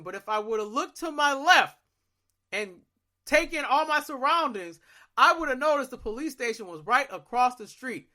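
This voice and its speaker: A young adult podcast host telling a story in a profane, self-mocking, animated way. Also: mid-range voice, normal speed.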